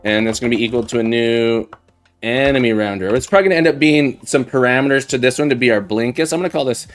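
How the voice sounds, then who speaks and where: Man, live coding host, thinks out loud, chatty, faint music and typing behind. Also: medium pitch. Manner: thinks aloud while typing, chatty, self-deprecating. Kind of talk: casual live-coding chat. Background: faint background music and keyboard typing.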